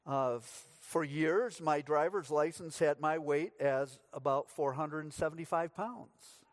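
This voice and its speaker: A man's voice: a little high, measured pace. A middle-aged man from the United States, preaching a sermon as pastor, telling stories with dry humor.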